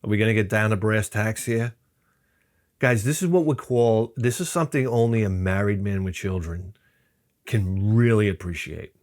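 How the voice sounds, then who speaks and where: A man's voice: fairly low pitch, moderate pace. Profane rambling middle-aged man. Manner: profane, animated, acts out quotes in other voices. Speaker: channel host. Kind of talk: rambling comedic storytelling.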